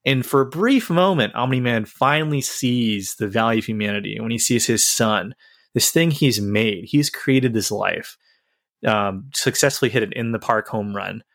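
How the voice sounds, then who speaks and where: A man's voice: medium pitch, moderate pace, gravelly, a bit bright, dry recording, clean studio sound. A man in casual podcast chat, earnestly and animatedly retelling a story.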